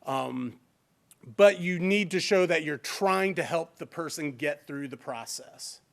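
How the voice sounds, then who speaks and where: Leading a fair housing training workshop, a man speaks chatty and informal into a handheld microphone in a training room. His voice is on the high side, animated, a bit slow, creaky and somewhat bright.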